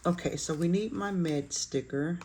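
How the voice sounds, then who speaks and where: A woman's voice: on the low side, normal speed, background noise. A woman chatting casually while decorating her planner, laughing at herself with self-deprecating humor. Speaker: planner vlogger.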